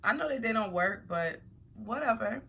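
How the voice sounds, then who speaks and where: A young adult woman vlogger talking casually to her viewers, chatty and animated. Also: a little high, moderate pace, slightly rough. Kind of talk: casual talk to camera.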